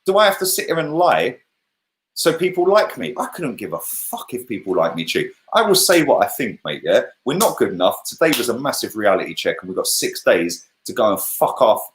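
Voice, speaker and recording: A man's voice: fairly low pitch, very animated, brisk. A man, a football fan pundit, ranting bluntly and combatively in heated, sweary chat. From England.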